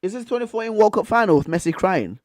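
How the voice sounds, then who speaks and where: A man's voice: high-pitched, fast. A young man, chatting casually as a streamer reacting to his chat, full of slang and repeating himself. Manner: slangy, excitable, repeats himself with bro and fam.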